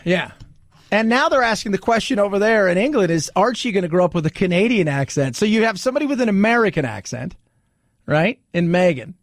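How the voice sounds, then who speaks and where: Man, radio host, high voice, dry studio sound, chatty, wry. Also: lively intonation, a little fast, dry recording. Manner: chatty, wry, sarcastic asides. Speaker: radio talk show host. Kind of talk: casual opinionated talk radio.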